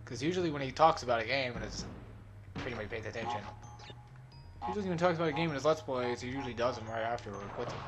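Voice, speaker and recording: A man's voice: mid-range voice, animated, racing, music in the background. A young man giving rambling, self-mocking commentary while playing a video game, swearing and laughing often. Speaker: let's play host. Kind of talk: casual gameplay commentary.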